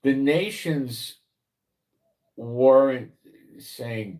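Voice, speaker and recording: Man, lowish voice, rambling religious commentary, rhetorical questions. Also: unhurried. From New York, the Bronx. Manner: conversational, rambling, asks listener rhetorical questions. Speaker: prophecy commentator, channel host.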